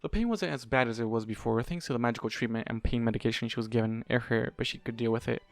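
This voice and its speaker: A man narrating a fan fiction audiobook in a steady, plain storytelling manner. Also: medium pitch, fast talker. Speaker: audiobook reader. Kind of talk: scripted narration.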